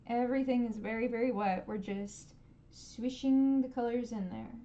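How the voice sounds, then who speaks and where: A woman streaming a live painting lesson, gently encouraging viewers and making playful sound effects as she paints. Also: on the high side, moderate pace, lo-fi sound.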